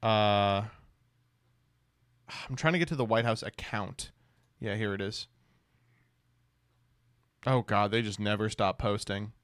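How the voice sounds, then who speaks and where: A man streaming casual commentary, reacting to clips with sarcastic, deadpan mock praise. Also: on the low side, slow pace, pauses often, clean tone, no echo, clean studio sound.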